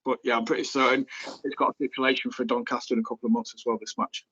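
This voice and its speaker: A man co-hosting a casual podcast chat, rambling along with lots of "um" and "uh". His pitch sits in a medium range. The recording sounds slightly dull and lo-fi. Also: level tone, rapid-fire, fairly bright tone, a little hiss or hum. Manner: rambling, filler-heavy, chatty. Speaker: podcast co-host.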